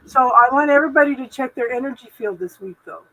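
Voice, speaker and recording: A woman hosting a live spiritual talk stream from her home, rambling gently through spiritual advice with lots of fillers and restarts. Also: high voice, animated, quick pace, muffled recording. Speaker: host.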